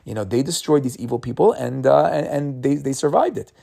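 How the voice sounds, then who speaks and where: A man's voice: mid-range voice, lively intonation, brisk, gravelly, dark tone. A man giving a casual, conversational Torah talk, often restarting and repeating words as he retells the story. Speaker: Torah teacher.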